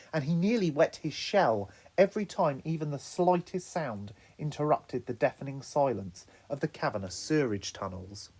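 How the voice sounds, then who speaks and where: A man narrating an audiobook, expressive storytelling. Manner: expressive storytelling with lively pitch.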